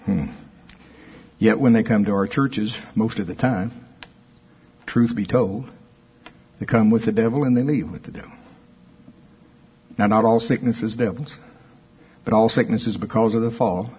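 A male preacher delivering an animated sermon, swinging from quiet asides to loud scripture quotes. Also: lowish voice, normal speed, long pauses, husky, dull audio.

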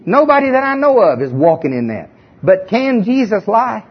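A man's voice: sits high, big pitch swings, normal speed, breathy edge. A male preacher giving a sermon in a conversational, emphatic way, often putting questions to his listeners. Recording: dull lo-fi recording.

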